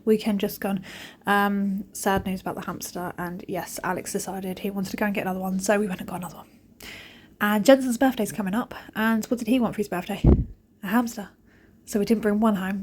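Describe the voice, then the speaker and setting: A woman in her thirties talks over her cleaning vlog in a chatty, cheeky way. She tells jokey stories about home life with her family. Her pitch sits in a middle range. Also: a little mellow, slight background noise. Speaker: vlogger. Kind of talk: casual chat over cleaning footage.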